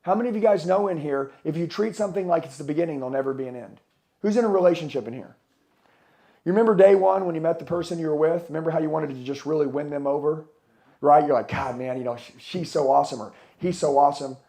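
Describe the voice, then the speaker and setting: A man's voice: on the high side, fast, warm tone. A middle-aged man giving a blunt, profane motivational speech to a live audience at a conference, firing questions at the crowd. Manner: blunt, swearing, fired-up, asks the crowd questions. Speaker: motivational speaker.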